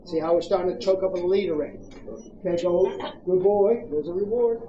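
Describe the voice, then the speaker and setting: Australian dog trainer, firm quick commands, recorded from afar with a noisy outdoor background. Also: mid-range voice, lo-fi sound. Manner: brisk commands mixed with coaching questions. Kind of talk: hands-on dog training coaching. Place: outdoors at a campground. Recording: echoey, distant, noisy outdoor ambience.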